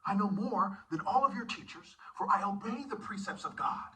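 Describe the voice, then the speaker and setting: Intense self-styled preacher, man, slightly high and bright, preachy with whispered asides, distant mic. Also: expressive, moderate pace. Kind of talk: online sermon monologue.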